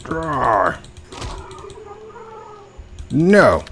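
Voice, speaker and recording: A man's voice: lowish voice, expressive, a little slow, a little mellow, a little hiss or hum. A young man giving playful live commentary while playing a game, talking to the other players and his own character. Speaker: gaming video host.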